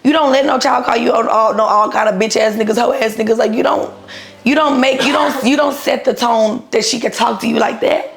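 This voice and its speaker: A woman in her thirties, her voice on the high side with vocal fry, talks briskly as she casually tells her own story. She's blunt and profane, animatedly acting out the people she quotes.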